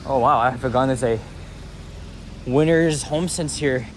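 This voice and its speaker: A Canadian man walks a city street at dawn, talking casually at a measured pace in a mid-range voice. His walking vlog commentary rambles with plenty of fillers and the occasional swear word. It's recorded on a handheld camera mic, with faint street noise outdoors.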